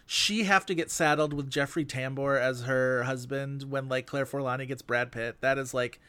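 A man's voice: medium pitch, fairly even intonation, normal speed, pushed and bright, clean tone, no echo. A man chatting on a movie podcast, gossipy and full of asides. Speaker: podcast co-host. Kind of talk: casual movie podcast chat.

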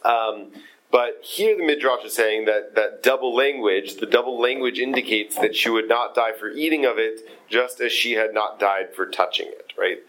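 A man leading a text study group, explaining in a halting way with many fillers and restarts. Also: mid-range voice, fairly bright tone, poor audio. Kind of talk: casual text study discussion.

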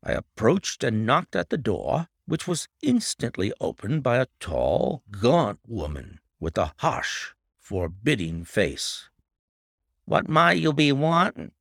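Expressive low-voiced male storyteller. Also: slow, few pauses, slightly rough, no echo, clean studio sound. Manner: expressive first-person storytelling. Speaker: narrator. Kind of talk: dramatic audiobook narration.

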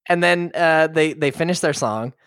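A man's voice: on the high side, moderate pace, a bit bright, clear, resonant tone, no room sound. Male podcast co-host, laid-back film recap with frequent chuckles, dry close sound. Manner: chuckles while retelling.

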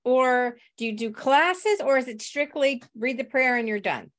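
A woman hosting a podcast interview, responsive and expressive, laughing easily. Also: sits high, moderate pace. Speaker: podcast host. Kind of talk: interview conversation.

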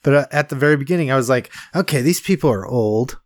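A man's voice: mid-range voice, expressive, fast talker, dry recording, studio quality. A man co-hosting a casual movie review chat, rambling and laughing often as he acts out lines from the film. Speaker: podcast co-host.

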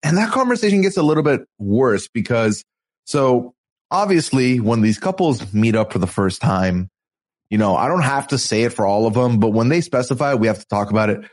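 A man co-hosting a podcast in relaxed, chatty conversation. His pitch swings widely as he talks, and he pokes fun at himself along the way. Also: a little fast. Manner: animated, chatty, self-deprecating. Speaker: podcast co-host. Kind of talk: casual chat.

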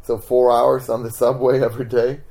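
A man of middling pitch tells a story in a relaxed interview at home. He is animated and jumps into the voices of the people in his tale. His delivery stays casual and chatty. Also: normal speed. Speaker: magician guest.

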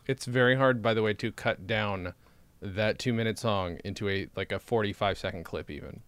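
Brief: male comedy podcast co-host, joking and ribbing, clear voice, dead-dry sound. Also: on the low side, fairly bright tone, no echo. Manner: playful, teasing, quick jokes. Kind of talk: casual comedic chat.

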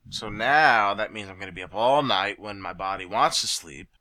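A man in casual chat, telling stories loudly and swearing, then trailing off into mumbles. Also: lowish voice, normal speed. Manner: animated storyteller, swearing, swings loud then mumbling.

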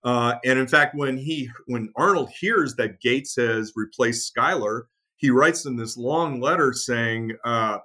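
A man with a mid-range, unhurried voice and a sharp tone, speaking as a guest author. In a conversational interview he explains military history, full of fillers and restarts, and tells stories with acted-out quotes.

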